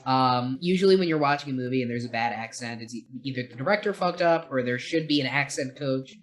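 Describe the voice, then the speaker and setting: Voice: mid-range voice, quick pace. A podcast co-host in casual film review chat, rambling and opinionated, swearing casually.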